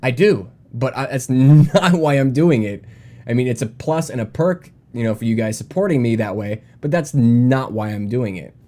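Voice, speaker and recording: A man's voice: mid-range voice, animated, normal speed, few pauses, dark tone. A young man live-streaming, talking defensively in a rambling way and reading viewer chat aloud between his points. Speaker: game streamer.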